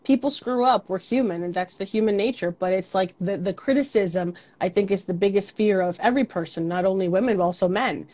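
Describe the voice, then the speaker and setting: A woman's voice: medium pitch, fairly quick, hardly any pauses, darkish tone. Frank, chatty woman hosting a podcast. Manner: frank, swears freely, many restarts, acts out her own inner voice. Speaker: podcast host. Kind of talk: casual podcast conversation.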